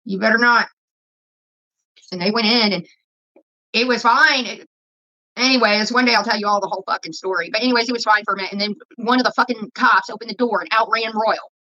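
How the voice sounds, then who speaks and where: A woman rambles through a blunt, profane rant to her viewers. Her voice is high, bright and sharp, and she talks fast. The audio is dull and lo-fi, like a phone recording. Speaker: vlogger. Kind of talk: casual rant to camera.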